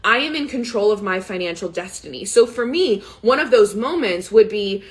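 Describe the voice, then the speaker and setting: A woman's voice: mid-range voice, expressive, normal speed. A woman in her thirties hosting a live money coaching session, telling a personal story candidly and growing tearful, with frequent "like" and "right?". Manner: candid, emotional, often says "right?" and "like". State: tearful, close to crying. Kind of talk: casual live coaching talk.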